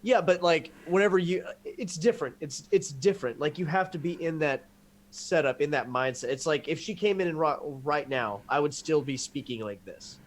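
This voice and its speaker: Stammering American man, slightly high. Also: expressive, normal speed, a little hiss or hum. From southern United States. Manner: stammering, repeats words when starting sentences. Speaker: podcast co-host. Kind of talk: casual banter podcast. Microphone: desk podcast mic.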